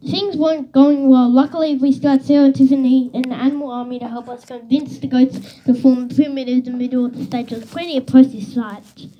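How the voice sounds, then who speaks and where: A woman reading a children's book aloud in an expressive storytelling manner, on a slightly dull recording with faint hiss. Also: sits high, fast, hardly any pauses. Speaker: reader.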